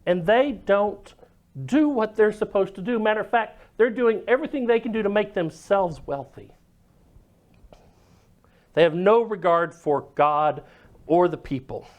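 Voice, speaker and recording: A man preaching a sermon, telling the story dramatically and dropping to a hush at moments. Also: high voice, expressive, measured pace, highs cut off. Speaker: pastor.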